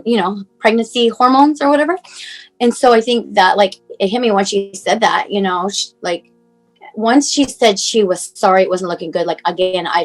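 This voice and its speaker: A mother in her forties recounts a hard stretch of her son's life in a loose, rambling way, leaning on fillers and quoting the people she spoke with. Her voice sits at an ordinary middle pitch for a woman. Soft music plays faintly behind her. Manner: rambling, many fillers, acts out phone calls. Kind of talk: emotional personal storytelling.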